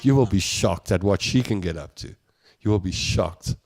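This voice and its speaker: A man hosting a casual chat show, talking in a chatty, animated way and often repeating himself. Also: sits low, normal speed, gravelly, a crowd in the background. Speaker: host.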